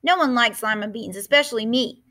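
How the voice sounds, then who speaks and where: A woman's voice: fairly high pitch, brisk, pushed and bright, no echo, studio quality. A woman playing a whiny young schoolgirl. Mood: sulky. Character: young schoolgirl, stubborn then pleading.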